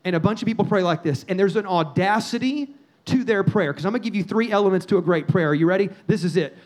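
High-voiced animated male preacher. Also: quick pace. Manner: animated, punchy preaching with quoted asides and repetition. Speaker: pastor. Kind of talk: sermon.

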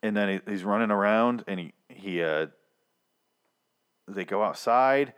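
A man's voice: fairly low pitch, a little slow, fairly bright tone, clear, resonant tone. A young man hosting a casual solo recap of a TV episode, rambling and joking, mocking the characters in put-on voices. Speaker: podcast host recapping a TV episode.

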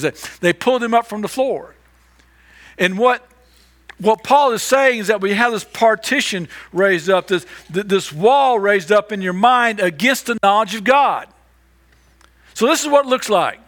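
A man's voice: very high-pitched, fairly bright tone. A man preaching a sermon as pastor, emphatic and repetitive, sometimes stumbling over restarts.

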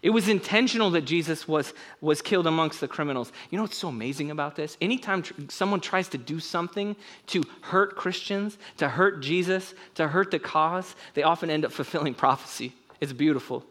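A man with a fairly high voice preaches and prays to his congregation. He talks in a relaxed, conversational way and stays animated. He breaks off now and then for joking asides. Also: brisk, hardly any pauses. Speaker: pastor. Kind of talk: sermon.

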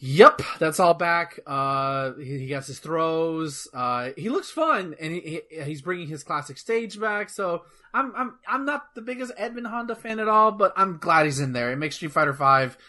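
A man chatting casually about gaming news on a podcast, rambling and excitable, swearing freely. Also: fairly high pitch, normal speed, few pauses. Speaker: podcast co-host.

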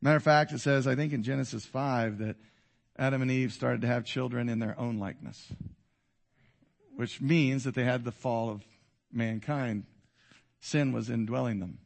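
A man in his fifties preaching a sermon to a congregation, swinging between loud exhortation and quiet intensity. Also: medium pitch, moderate pace, creaky. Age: 50s. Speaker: pastor. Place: church before a congregation.

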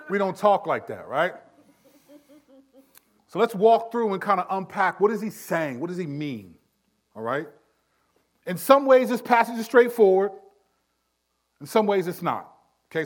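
A man with a notably high voice delivers a sermon as a pastor. He talks conversationally and often turns to his listeners with asides. He pushes hard on key words, then drops to a near-hush. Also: expressive, moderate pace. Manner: emphatic, swings from loud to hushed.

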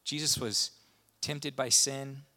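A man's voice: medium pitch, takes it slowly. A man preaching a sermon with impassioned delivery. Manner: impassioned, rising to animated retellings. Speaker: pastor.

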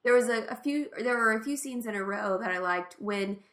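A woman's voice: on the high side, brisk, a bit bright. A woman co-hosting a podcast, chatting casually and enthusiastically as she retells favorite scenes, often laughing. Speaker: podcast co-host. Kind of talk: casual chat recapping a TV episode.

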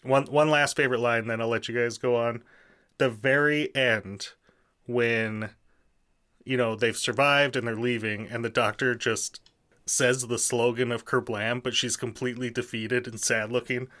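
A man's voice: mid-range voice, steady tone, normal speed, sharp tone. A man co-hosting a casual podcast chat, joking and rambling. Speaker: podcast co-host.

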